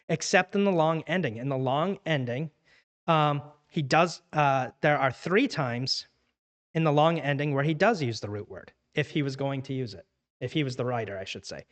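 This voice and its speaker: A man teaching a church Bible class in a casual, conversational way, acting out everyday dialogue to make his points. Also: on the high side.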